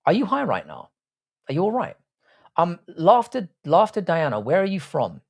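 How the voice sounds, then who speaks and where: Lively, crude male streamer. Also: high-pitched, moderate pace, gravelly. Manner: crude, teasing, swears freely. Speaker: livestream host reading chat. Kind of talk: casual live stream banter.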